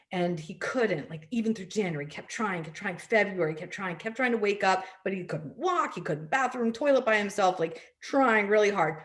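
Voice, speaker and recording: Middle-aged woman coach running an online workshop, earnest, gets animated acting out conversations. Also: lowish voice. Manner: earnest and animated, acts out dialogue. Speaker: life and laughter coach.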